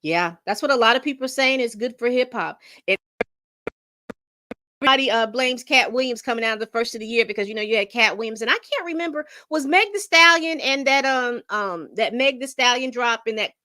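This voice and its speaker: A woman's voice: fairly high pitch, fairly quick, sharp tone, no room sound, clean studio sound. A middle-aged woman hosting a casual livestream, rambling and reading chat comments aloud. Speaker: livestream host.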